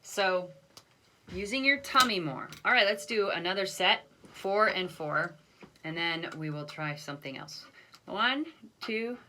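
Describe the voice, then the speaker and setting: A woman's voice: on the low side, measured pace, sharp tone, a little hiss or hum. A woman band teacher recording a video lesson, counting off beats and explaining patiently with self-deprecating asides.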